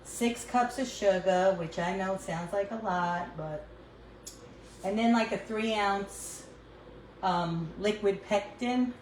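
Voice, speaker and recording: A woman's voice: mid-range voice, slow pace. Older New York woman cooking and chatting. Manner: chatty, laughs often, talks while cooking. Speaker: cooking livestream host. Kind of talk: casual cooking chat. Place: home kitchen. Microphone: phone. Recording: echoey room, faint background noise.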